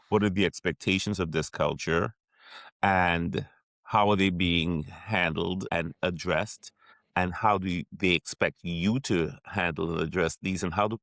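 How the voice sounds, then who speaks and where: Middle-aged man from Trinidad and Tobago, sports psychiatrist guest, low and gravelly, reflective and halting. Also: a bit bright, no room sound. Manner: reflective, with frequent restarts and fillers. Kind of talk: podcast interview.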